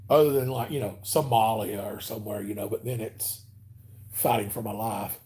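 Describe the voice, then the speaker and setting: A man's voice: lowish voice, fairly even intonation, moderate pace, dark tone. A man with a Southern US accent chatting casually on a livestream, rambling and joking with his viewers as he reads their comments. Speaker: livestream host.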